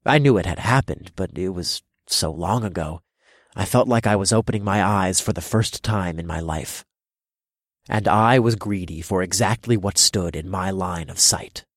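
A man narrating a first-person erotic story in low, measured storytelling. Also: dry recording, studio quality.

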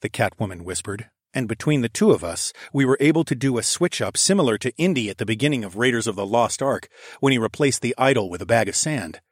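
An audiobook narrator reads a first-person romantic fantasy story, intimate and wry, moving between narration and dialogue. His medium-pitched voice is expressive and quick, recorded in a clean studio with no echo.

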